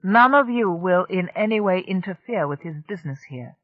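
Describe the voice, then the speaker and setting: A smooth, cool crime-family boss's enforcer, as an audiobook reader voices him, measured and quietly menacing. He sounds close and dry, with a slightly dull, lo-fi tone. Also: medium pitch, expressive, no echo, close to an everyday voice. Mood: cool menace.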